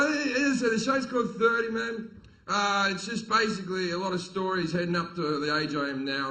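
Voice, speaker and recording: A man's voice: fairly high pitch, pushed and bright, rough recording. A middle-aged man performing stand-up, telling stories in a blunt, profane, swaggering way. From Australia. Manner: profane, blunt, swaggering delivery with acted quotes. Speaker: stand-up comedian. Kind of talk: stand-up comedy storytelling. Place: live comedy venue with audience.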